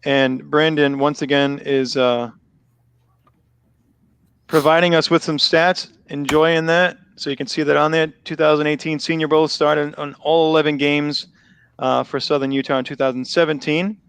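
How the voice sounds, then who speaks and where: A man with a Boston accent hosting a live football draft stream, chatty and quick to laugh, starting to lose his voice. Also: fairly high pitch, flat delivery, creaky, a bit bright, smooth, no echo. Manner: chatty, laughs often, restarts phrases. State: losing his voice. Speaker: host. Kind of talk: casual live draft commentary.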